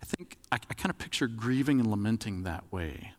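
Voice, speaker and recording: A man's voice: on the low side, expressive, fairly quick, darkish tone, long reverb tail. A man preaching a sermon in a conversational, demonstrative way, acting out examples as he talks.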